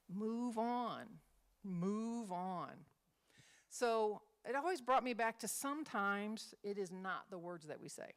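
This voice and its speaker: A woman's voice: mid-range voice, lively intonation, takes it slowly. A woman minister teaches a Bible study in a chatty, conversational way. She is a former schoolteacher, and she acts out example phrases in different tones of voice.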